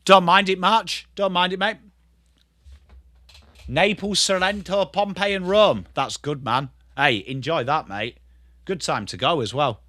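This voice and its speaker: A young Englishman with a high, bright, forceful voice hosts a livestream football watchalong. He switches between rapid play-by-play and loose, sweary chat with his viewers. The recording is close and dry, with no room sound.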